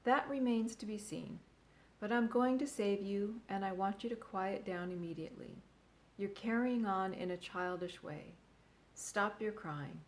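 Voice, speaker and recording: A woman voicing a female spider who speaks softly, calm and measured. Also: mid-range voice, close to an everyday voice. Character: female spider, calm and kindly but firm.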